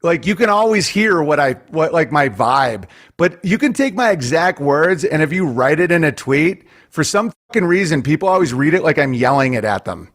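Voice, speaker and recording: A man's voice: a little high, very animated, moderate pace, hardly any pauses, fairly bright tone. A man with a Central New York accent, a guest on a casual podcast, who talks animatedly, swears freely and mimics other people's voices while telling stories.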